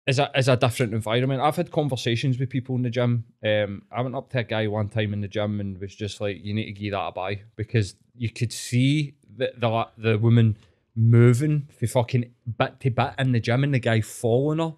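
Scottish man, Glaswegian accent, podcast host, sweary and animated, mid-range voice. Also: mid-range voice, brisk. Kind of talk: casual chat.

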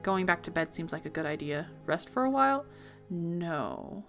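A woman's voice: lowish voice, expressive, normal speed, faint music behind. A young woman giving let's play commentary, reading game text aloud and reacting with worried exclamations. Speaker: gaming video host.

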